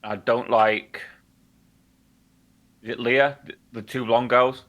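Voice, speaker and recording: A man's voice: medium pitch, flat delivery, slow, a bit bright, dull audio. Blunt, sweary young man. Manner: blunt and sweary, with many fillers. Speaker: podcast co-host. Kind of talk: casual chat.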